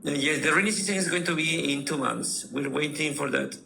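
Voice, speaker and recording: A man with a Peruvian Spanish accent speaks friendly, halting learner English on a video call. His voice is gravelly, bright and a little raised. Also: on the high side, slight background noise, low-quality recording. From Peru. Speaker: student. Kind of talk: casual conversation.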